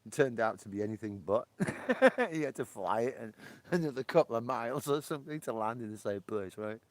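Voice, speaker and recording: A man from Britain, hosting a casual livestream chat, laughing often and swearing in excitable outbursts. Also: mid-range voice, fairly quick, dry recording. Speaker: livestream host. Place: porch, outdoors.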